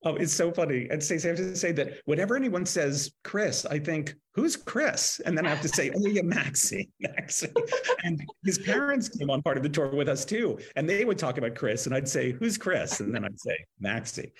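A sixty-year-old man with a husky, breathy voice, relaxed and chatty as an interview guest. He spins anecdotes, slipping into other people's voices and laughing along the way. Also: a little high, brisk. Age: 60s. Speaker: author guest. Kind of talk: casual interview storytelling.

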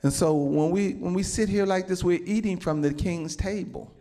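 A man's voice: high-pitched, moderate pace, warm tone. A male pastor preaching a sermon to his congregation, peppering his talk with amens and calling out to the saints. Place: church building with a congregation.

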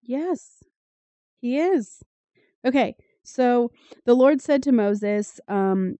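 Podcast co-host, female, dry irreverent reader with a mellow, dark voice, recorded close and dry. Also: fairly high pitch, expressive, extremely slow, pauses often, no echo. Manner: sardonic, swears freely, reads passages aloud with commentary. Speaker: podcast co-host reading scripture. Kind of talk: casual irreverent chat.

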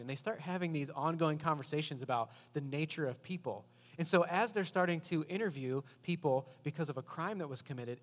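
A male pastor preaching a casual, story-driven sermon, his voice sitting a little high. He talks like he is chatting with the congregation. A long reverb from the hall follows his words. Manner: conversational, animated storytelling.

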